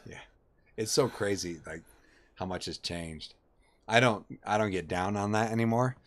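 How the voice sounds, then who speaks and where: Lively middle-aged man telling a story. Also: on the low side, normal speed. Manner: animated, acts out voices, says man a lot. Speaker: streamer. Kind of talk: casual storytelling while streaming a game.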